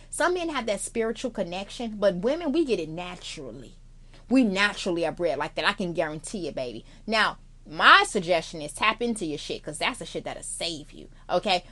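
Sassy, blunt, higher-voiced woman. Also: fairly bright tone. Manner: sassy, blunt, swears freely, calls listener girl and baby. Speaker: vlogger giving life advice. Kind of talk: casual advice monologue.

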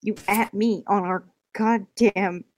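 A woman's voice: medium pitch, steady tone, slow. A woman playing in a casual tabletop game, joking and teasing the others and swearing freely. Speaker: player.

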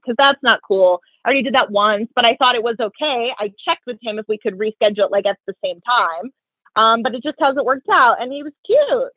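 A woman tells dating stories in casual chat, chatty and animated. Her voice is a bit high and husky. The sound is dry and tinny, like a phone line. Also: no echo. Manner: chatty, animated storytelling with lots of "like". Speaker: podcast co-host.

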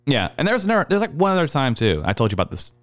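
Animated man in his thirties telling a story. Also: rapid-fire. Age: 30s. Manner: animated, acts out the people in his stories with big pitch jumps; swears a lot. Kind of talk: casual storytelling.

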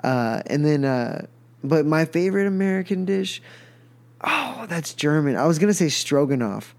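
A man's voice: a little high, very animated, normal speed. A man from Texas, hosting a podcast in loose, rambling casual chat, saying "dude" often. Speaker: podcast host.

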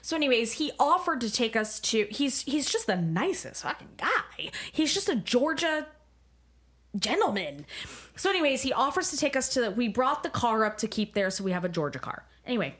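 Female co-host, slightly high, chatty storyteller with a foul mouth. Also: sing-song, moderate pace, a bit bright, breathy edge. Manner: chatty storyteller, swears freely. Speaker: podcast co-host. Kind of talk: casual chat.

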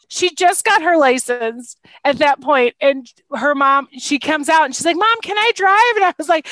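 A young adult woman, a former youth minister, telling stories in casual chat, animated and laughing often as she acts out quotes. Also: high-pitched, unhurried, no room sound.

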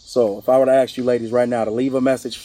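A man hosting a casual podcast chat, telling stories in an animated way. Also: mid-range voice, slight background noise. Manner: animated storyteller, quick and lively. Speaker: podcast host.

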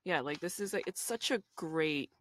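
A woman's voice: sits low, animated, moderate pace, a bit bright, no echo, studio quality. A woman interviewing an author in a casual chat, enthusiastic and affirming as she reflects on the book.

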